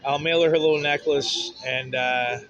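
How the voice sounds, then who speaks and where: Vlogger man, fairly high voice, swears freely, emotional rambling vent, dull lo-fi sound. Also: steady tone, normal speed, a bit bright, soft background music. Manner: profane, blunt, emotional. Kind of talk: rambling personal vent to camera.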